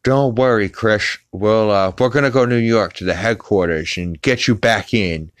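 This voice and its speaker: A man's voice: lowish voice, normal speed, no room sound, pitched above the performer's own voice, natural voice. Brief: pushy blustering cartoon dad, put on by a man podcaster, slightly raised voice. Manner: blustering, overconfident. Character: brash pushy middle-aged cartoon dad.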